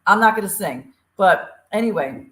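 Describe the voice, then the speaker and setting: A woman's voice: medium pitch, lively intonation, normal speed, fairly bright tone, reverberant. A woman co-hosting a talk show, chatty and upbeat with lots of fillers, from Eastern Tennessee. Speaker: podcast co-host. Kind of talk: casual show opening and announcements.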